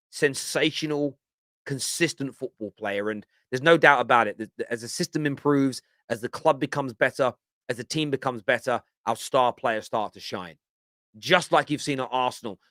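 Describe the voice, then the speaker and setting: A man's voice: medium pitch, a bit bright, no echo. Man, passionate football reaction, emphatic, dead-dry recording. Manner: passionate, emphatic, repeats himself. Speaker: fan channel pundit. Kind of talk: live fan reaction stream.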